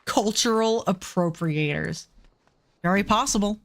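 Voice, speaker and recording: A woman's voice: medium pitch, measured pace, creaky. A woman playing a video game, casually commenting, reading quest dialogue aloud and swearing with wry asides. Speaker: gaming streamer. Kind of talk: casual let's-play commentary.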